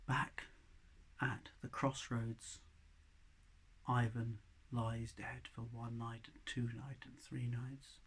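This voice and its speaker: Male storyteller, oral folk tale, dramatic, loud to hushed whisper. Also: medium pitch, little pitch movement, slow, pauses often, breathy edge.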